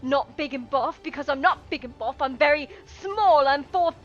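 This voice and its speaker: A man's voice: very high-pitched, expressive, normal speed, fairly bright tone, muffled recording, faint music behind. A woman voicing a short, jealous male gnome who rants, swears and bickers in a tabletop game.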